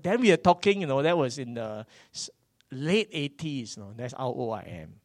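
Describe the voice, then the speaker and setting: A man, preaching a sermon that swings from loud bursts to hushed asides. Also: fairly high pitch, fairly quick, dry recording, clean studio sound. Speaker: pastor.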